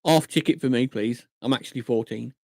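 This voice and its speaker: A man's voice: mid-range voice, brisk, gravelly, a little mellow, no echo, clean studio sound. A man from Shropshire, chatting casually on a live stream, swearing and laughing often. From England, Shropshire. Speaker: livestreamer.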